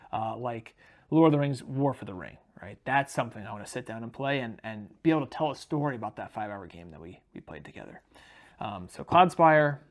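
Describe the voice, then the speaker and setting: A man chatting casually in a talking-head board game vlog, relaxed and unscripted with frequent ums. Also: medium pitch. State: briefly out of breath after carrying boxes. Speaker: board game video creator.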